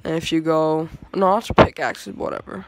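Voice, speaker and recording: A man giving live gameplay commentary, excitable and trash-talking, breaking into yelling outbursts. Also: sits high, a little slow, a little hiss or hum. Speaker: gameplay streamer.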